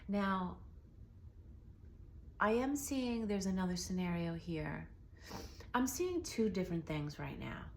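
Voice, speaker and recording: Soft-spoken emotional woman reader. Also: on the low side, lively intonation, slow pace, pauses often, a little hiss or hum. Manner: emotional, soothing, repetitive, drifts into soft whispers. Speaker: tarot reader. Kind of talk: intuitive reading to the viewer.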